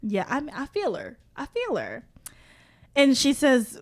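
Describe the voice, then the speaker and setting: A woman's voice: high voice, wildly swooping pitch, unhurried. A woman co-hosting a casual book-club podcast, reading passages aloud with relish and laughing often. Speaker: podcast co-host.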